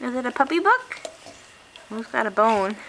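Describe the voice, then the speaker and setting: A woman's voice: a little high, sing-song, normal speed, fairly bright tone, a little hiss or hum, rough recording. A woman filming her small child at home, talking to the child in a playful sing-song way. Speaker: parent filming her toddler. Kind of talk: casual home video. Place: family home indoors.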